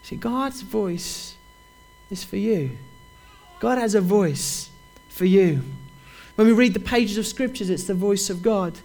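A man's voice: high-pitched, animated, takes it slowly, darkish tone. A man preaching a sermon, reading scripture aloud in a fervent, repetitive preaching cadence with rising emphasis.

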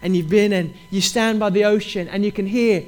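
A man's voice: high voice, steady tone, fairly quick. A man preaching a sermon, reading scripture aloud in a fervent, repetitive preaching cadence with rising emphasis.

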